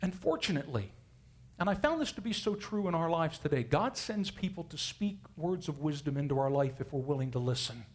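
A man's voice: on the high side, lively intonation, brisk. A man preaching a sermon, retelling Bible stories in a casual, conversational way and acting out the characters' lines. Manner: storytelling, acts out biblical characters in casual modern speech.

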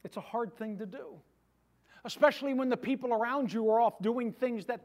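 A man's voice: very high-pitched, moderate pace, darkish tone. A man pastor delivering a sermon in a conversational preaching style, with humorous asides to the congregation.

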